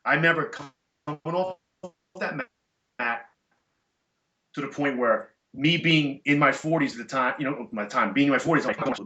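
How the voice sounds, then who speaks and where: A middle-aged man, a podcast guest, telling stories in casual chat, animated and emphatic with blunt profanity. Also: medium pitch. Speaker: podcast guest, chiropractor and jiu-jitsu black belt. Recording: echoey room, dull lo-fi sound.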